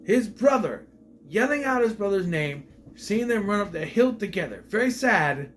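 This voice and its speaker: A man delivers a casual, off-the-cuff movie review in a slightly higher-than-usual voice. His pitch leaps around expressively as he recounts scenes in disbelief, peppering the retelling with rhetorical questions. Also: moderate pace, slight background noise. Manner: animated, incredulous retelling with frequent rhetorical questions. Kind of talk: casual spoken film review.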